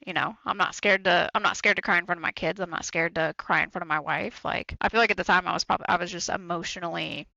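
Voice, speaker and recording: A man's voice: sits high, steady tone, fast, vocal fry, few pauses, pushed and bright, no echo, muffled recording. A man co-hosting a podcast, talking candidly and bluntly, swearing freely and repeating himself for emphasis. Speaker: podcast co-host. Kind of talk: candid casual chat.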